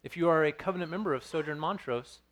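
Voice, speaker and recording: A man's voice: a little high, fast, a bit bright. A man in his thirties preaching a sermon as pastor, earnest and storytelling, with frequent restarts.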